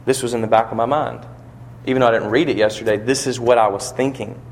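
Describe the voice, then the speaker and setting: A man's voice: medium pitch, steady tone, quick pace, slight background noise. A man preaching a sermon, building to emphatic peaks and asking rhetorical questions, in a church or funeral hall. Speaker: pastor. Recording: long reverb of a large hall.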